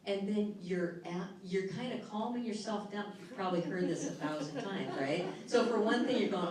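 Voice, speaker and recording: A middle-aged woman giving a workshop talk, leading a calm guided relaxation and then explaining points with lively emphasis. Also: mid-range voice, normal speed, few pauses, crowd noise. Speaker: workshop speaker. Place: large echoey hall. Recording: echoey hall, voice from far off, faint noise.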